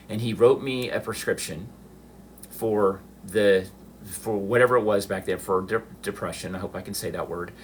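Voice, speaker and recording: A middle-aged man telling a personal story on a livestream, emotional and halting, restarting his sentences. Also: on the low side, a little hiss or hum. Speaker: livestream host.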